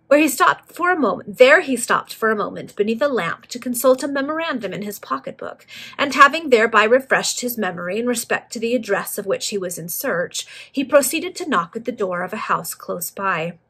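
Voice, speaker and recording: A woman reading a Victorian novel aloud at a steady pace, now and then stumbling over a word. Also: a little high, slightly rough. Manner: steady, with occasional misreadings. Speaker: reader.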